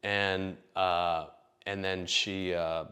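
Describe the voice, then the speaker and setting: A man's voice: deep voice, flat delivery, extremely slow, bright, forceful tone. A man telling a long personal story in a casual, rambling way, full of fillers and swearing. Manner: rambling, profane, filler-heavy.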